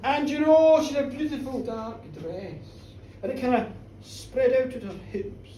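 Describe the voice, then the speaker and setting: A woman voicing a boastful young Galway man who talks in a slow, lingering, romantic drawl, told live in a pub. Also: high voice, expressive, dark tone, a little hiss or hum. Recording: echoey live bar, from a distance.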